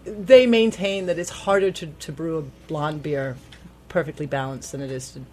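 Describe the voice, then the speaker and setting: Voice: mid-range voice, steady tone, moderate pace, a little mellow. A guest on a radio talk show, an importer who tells stories in a chatty way with frequent ums. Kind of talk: casual radio chat.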